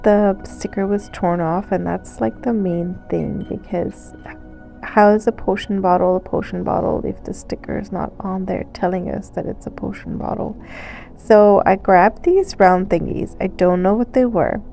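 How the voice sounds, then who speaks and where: Stuffy-nosed woman, gravelly chatty voice-over. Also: mid-range voice, moderate pace, soft background music. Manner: chatty, relaxed, with fillers and small laughs. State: stuffy nose. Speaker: thrift vlogger. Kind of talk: casual voice-over narration. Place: recorded voice-over.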